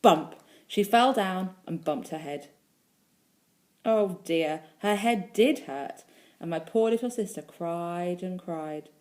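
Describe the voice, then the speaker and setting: A woman's voice: fairly low pitch, slow pace, darkish tone. A female primary school teacher reading a storybook aloud expressively, stopping to talk to the children listening.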